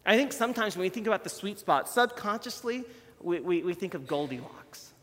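A man's voice: high-pitched, animated, a little fast, fairly bright tone, in a large hall. A man preaching a conversational sermon in a chatty, self-deprecating way. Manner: chatty, self-deprecating, shows props while talking.

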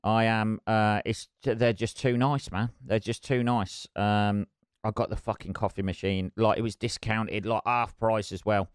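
A man's voice: fairly low pitch, fairly even intonation, unhurried, smooth, dry recording, clean studio sound. A middle-aged man hosting his solo podcast, rambling, sweary and self-mocking. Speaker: podcast host. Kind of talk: casual solo podcast chat.

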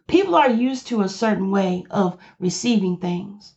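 A woman's voice: medium pitch, lively intonation, moderate pace, creaky, a little mellow, lo-fi sound. A woman pastor preaching on her podcast, passionate and emphatic, repeating key lines for emphasis.

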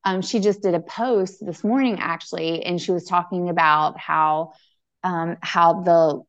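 A woman's voice: fairly low pitch, steady tone, measured pace, dull audio. A woman hosting a podcast, chatting casually about spirituality with lots of "um" and "you know" as she rambles through her thoughts. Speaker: podcast host.

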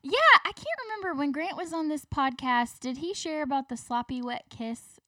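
Young female podcast guest, high and bright, giggly, rambling, recorded dry and slightly off mic. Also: moderate pace, no echo, recorded from a distance. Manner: giggly, chatty, trails off while thinking. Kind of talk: casual chat.

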